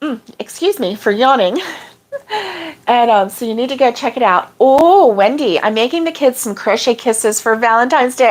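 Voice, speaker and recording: Woman, crochet stream host, chatty, reads comments aloud with drawn-out exclamations. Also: a little high, expressive. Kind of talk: casual chat reading viewer comments.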